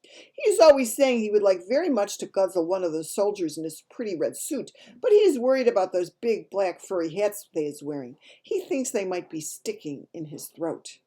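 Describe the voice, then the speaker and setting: A woman's voice: medium pitch, very animated, moderate pace, warm tone, voice pushed up. A woman voicing a big kindly male giant who mangles his grammar and invents words. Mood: amused.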